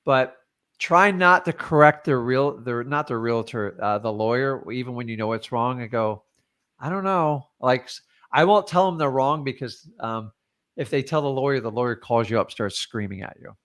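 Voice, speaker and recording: This is a man in the middle of his range, talking like a real estate coach in a loose, plain-spoken lesson. His delivery is blunt and lively, with the odd "like" and "man" dropped in as he explains. He chats easily with a caller between points. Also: mid-range voice, moderate pace. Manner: blunt and animated, with frequent filler "like" and "man". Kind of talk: casual teaching and live Q&A.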